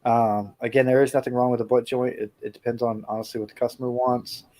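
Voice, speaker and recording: A man's voice: mid-range voice, little pitch movement, quick pace, a little mellow, low-quality recording. A man with an ordinary mid-range voice joins a live stream over a video call. He talks in a hesitant way and often restarts his sentences. He chooses his words carefully so he won't offend anyone. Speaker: guest woodworker. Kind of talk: casual chat.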